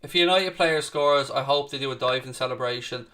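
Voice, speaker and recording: A man's voice: mid-range voice, a little fast, bright, forceful tone. A man hosting a live football watchalong, ranting passionately and answering the chat. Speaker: watchalong host. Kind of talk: heated live football rant.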